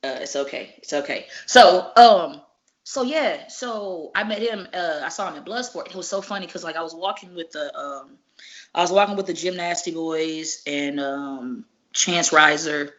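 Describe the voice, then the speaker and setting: A woman, a professional wrestler, telling stories in a casual interview, animated and profane, acting out each exchange. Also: low voice, moderate pace. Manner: animated, profane, acts out dialogue. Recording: muffled lo-fi recording.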